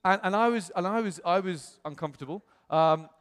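A man, a pastor, telling a personal story in a sermon in a chatty, animated way. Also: high voice, a little fast, smooth, big-room sound. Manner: chatty storytelling, animated voices when quoting others.

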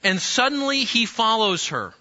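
A man teaching a sermon-style Bible lesson, animated and acting out the scenes he describes, often repeating himself. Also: high voice, moderate pace, lo-fi sound.

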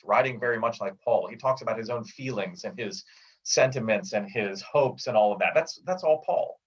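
A man, a theology professor, explaining ideas in a lecturing way with clear examples during a conversation. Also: lowish voice, recorded from a distance, highs cut off.

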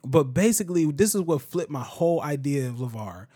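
A man's voice: on the high side, fairly quick, husky, no echo, clean studio sound. A man hosting a podcast, telling a story in casual chat and acting out the quotes. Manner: animated storytelling, acts out quotes. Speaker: podcast host.

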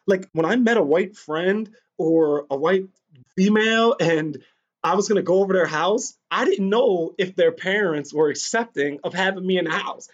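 A man speaking candidly in an interview, telling personal stories in a rambling way with frequent fillers and restarts. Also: a little high. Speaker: guest recounting personal experiences. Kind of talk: candid conversational storytelling. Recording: dull lo-fi recording.

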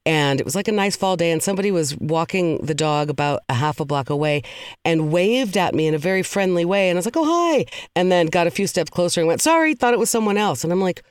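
A woman co-hosts a casual podcast chat and tells her stories with lively animation. She laughs often and drops the odd swear word. The recording is close and completely dry. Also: low voice, fast, smooth, dry recording. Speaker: podcast co-host.

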